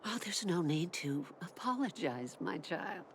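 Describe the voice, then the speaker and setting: Soothing middle-aged mom, deep voice, talks real slow. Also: female voice, big pitch swings, slight background noise. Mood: comforting. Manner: soothing, unhurried, reassuring. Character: warm, comforting mother of a grown daughter. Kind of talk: game dialogue. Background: game music.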